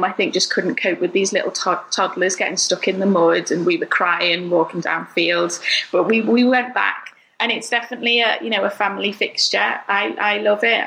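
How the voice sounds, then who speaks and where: A woman in her thirties from Liverpool with a softened Scouse accent talks as a podcast guest. She is chatty and laughs easily, at an ordinary pitch, with faint traffic noise from outside her flat. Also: vocal fry, poor audio. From Liverpool, England. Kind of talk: casual interview chat. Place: flat by a busy main road.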